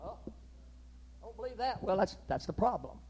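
An older man, preaching a sermon in a folksy storytelling way, with sudden loud outbursts. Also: high-pitched, big pitch swings, normal speed, husky.

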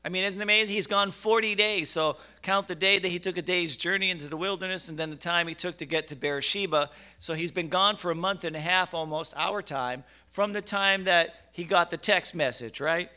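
High, bright-voiced male preacher. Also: fairly quick, hardly any pauses, clean tone. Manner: emphatic, with rhetorical questions and repeated words; animated, swinging from quiet to loud. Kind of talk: sermon.

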